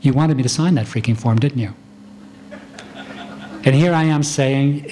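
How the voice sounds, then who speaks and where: A middle-aged man, a physician, giving a talk to clinicians and calmly acting out conversations with patients. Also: mid-range voice, measured pace, long pauses, slight background noise. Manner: calm, demonstrating doctor-patient dialogue. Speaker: physician lecturer. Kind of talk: lecture to clinicians.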